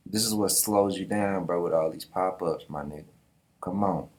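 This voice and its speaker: A man hosts a casual manga reaction and comments in loose slang. He often breaks into laughing asides. His voice sits on the low side. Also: normal speed.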